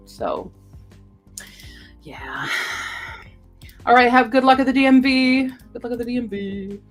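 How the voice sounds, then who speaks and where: A woman's voice: on the high side, lively intonation, measured pace, pauses often, soft background music. A woman streamer chatting casually and rambling to her viewers. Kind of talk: casual live-stream chat.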